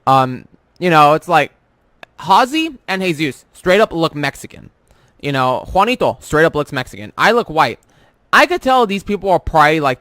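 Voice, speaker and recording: A man's voice: fairly high pitch, a bit bright, dry recording, studio quality. A young man rambling through a profane, filler-heavy story about his work, speaking casually as a vlogger.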